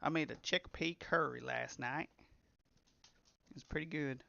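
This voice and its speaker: On a live stream with slightly dull, lo-fi sound, a young game developer chats casually, rambling on and reading chat aloud. His voice is a little high, creaky and sharp in tone, unhurried, with no room sound.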